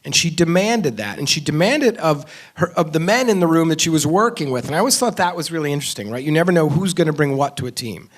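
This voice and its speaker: A man, a filmmaker, talking earnestly about his film in an onstage conversation, pausing and restarting often. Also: on the high side, expressive. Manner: earnest, reflective, frequent restarts and fillers. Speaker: film director discussing his film. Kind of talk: onstage conversation before an audience. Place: stage at a film festival event.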